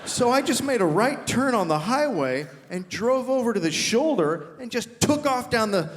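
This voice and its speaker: A middle-aged man doing animated stand-up comedy, shouting his acted quotes. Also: very high-pitched, normal speed. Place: large theater stage. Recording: reverberant theater hall. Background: audience laughter.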